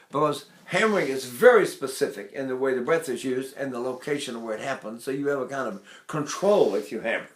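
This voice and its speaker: A man's voice: medium pitch, a bit bright, reverberant. An older male voice teacher giving a rambling, chatty lesson on singing technique, often breaking into short sung vowel demonstrations.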